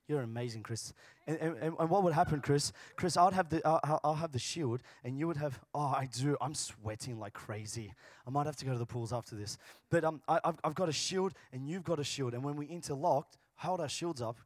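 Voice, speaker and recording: A man preaching a sermon as pastor, moving between casual, joking asides and loud, passionate bursts. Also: on the high side, no room sound, clean studio sound. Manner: swings from quiet talk to loud, passionate preaching.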